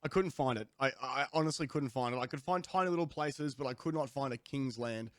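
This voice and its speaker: A young Australian man ranting comically to camera as a streamer, rambling with restarts and sudden jumps in pitch. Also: brisk, dry recording. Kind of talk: comedic rant to camera.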